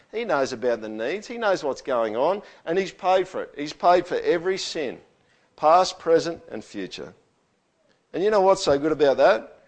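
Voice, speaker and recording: Pastor preaching casually. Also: male voice, a little high, moderate pace. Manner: conversational, animated when quoting. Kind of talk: sermon.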